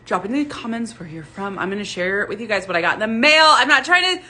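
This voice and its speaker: A woman's voice: medium pitch, lively intonation, fast, bright, forceful tone, rough recording. A young woman talking casually to her viewers on a live phone stream at home, chatty and rambling, with lots of fillers and restarts. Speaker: vlogger. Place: home room lit by a ring light.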